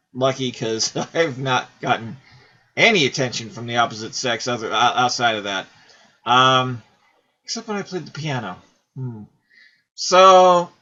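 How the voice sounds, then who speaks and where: A man's voice: mid-range voice, pushed and bright, muffled recording. A man in his forties hosting a casual game video, rambling and self-deprecating as he talks through questions. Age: 40s. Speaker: host. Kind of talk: casual commentary while playing a game.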